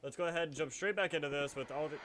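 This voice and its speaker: A man's voice: fairly high pitch, rapid-fire, noisy background. A man hosting a let's play, rambling and joking at himself as he reacts to the game. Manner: rambling, self-mocking, reacting aloud.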